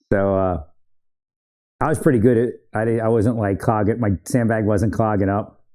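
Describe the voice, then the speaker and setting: Speaking at a fairly low pitch with a dark tone, a man recounts army training episodes from years back. It's casual, rambling storytelling full of self-corrections and frequent laughter.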